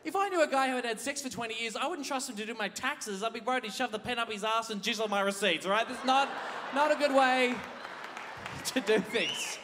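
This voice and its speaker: A man doing a stand-up comedy set on a theatre stage, animated, dropping low to tell a story and shouting out the punchlines. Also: quick pace, hardly any pauses, slight background noise. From Australia. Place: large theatre stage, laughing audience behind. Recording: live theatre recording with crowd.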